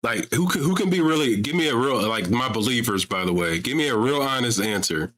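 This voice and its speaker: A man's voice: mid-range voice, lively intonation, a little fast, a bit bright. A man hosting a live call-in stream about religion, talking casually and pressing his audience with repeated rhetorical questions. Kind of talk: casual livestream talk.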